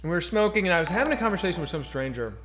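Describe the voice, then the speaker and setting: A man's voice: sits high, very fast, soft background music. A man co-hosting a casual streamed chat show, telling stories and acting out what people said, swearing freely. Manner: animated, acts out quoted voices, swears freely. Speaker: podcast co-host. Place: home streaming setup.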